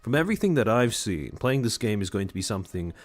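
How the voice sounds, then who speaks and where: A man's voice: lowish voice, sing-song, fast talker. A man streaming live, chatting casually and wryly with his audience, with lots of fillers and laughter, recorded on a desk microphone at home. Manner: chatty, wry, laughs often, filler-heavy. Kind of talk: casual livestream chat.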